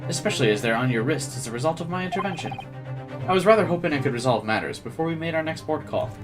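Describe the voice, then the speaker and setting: A man voicing a calm, formal male investigator who speaks in measured, courteous sentences, over game music. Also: on the high side, natural voice. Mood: stern.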